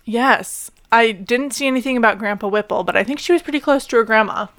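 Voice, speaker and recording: Chatty young woman with a smooth voice. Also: on the high side, quick pace, fairly bright tone, no echo. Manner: chatty, many "like" and "um" fillers, laughs easily. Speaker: podcast co-host. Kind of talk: casual storytelling chat.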